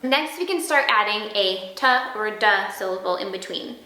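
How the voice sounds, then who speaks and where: A woman flute teacher giving a clear, step-by-step lesson and sounding out practice syllables. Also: mid-range voice, animated, moderate pace, bright, forceful tone, reverberant, rough recording. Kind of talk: instructional video lesson.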